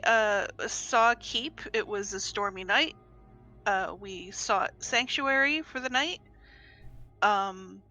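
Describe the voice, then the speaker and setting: A woman's voice: mid-range voice, pushed and bright. A woman player speaking in character in a tabletop game, polite and hesitant.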